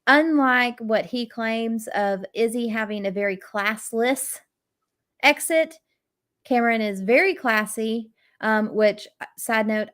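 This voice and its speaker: A woman's voice: on the high side, slow, a bit bright, no echo, clean studio sound. A woman from Texas, co-hosting a podcast in casual chat, recapping a reality show with lots of enthusiasm. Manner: chatty, laughs often, recaps with enthusiasm. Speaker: podcast co-host.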